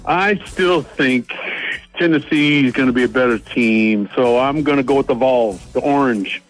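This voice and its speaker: A man's voice: mid-range voice, normal speed, soft background music. A man on a casual sports radio panel, thinking aloud and hesitating before making his picks.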